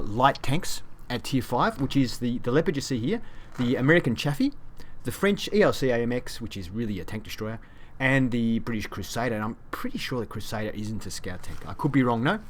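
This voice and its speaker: A man's voice: medium pitch, very animated, brisk, slight background noise. A man reviewing a video game, chatty and self-deprecating, with casual fillers. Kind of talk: gameplay commentary.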